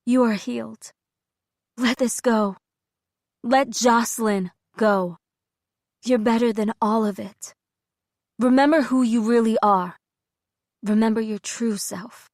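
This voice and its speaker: A woman's voice: on the high side, steady tone, slow pace, pauses often, a little mellow, no room sound, clean studio sound. Woman voicing a soothing, firm caretaker. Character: calm, soothing middle-aged female caretaker. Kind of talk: audiobook character voice.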